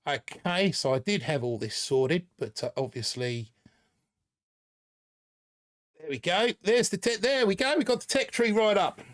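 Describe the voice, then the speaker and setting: A man's voice: high-pitched, expressive, measured pace, pauses often. Chatty man in his forties, put-on Australian accent. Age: 40s. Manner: chatty, rambling, reads viewer comments aloud. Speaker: live stream host. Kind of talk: casual live stream chat.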